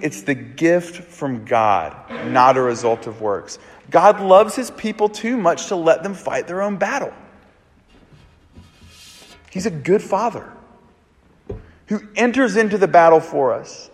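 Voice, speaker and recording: A man, a pastor, preaching a sermon in a casual, animated way, full of "like" fillers. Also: mid-range voice, in a large hall.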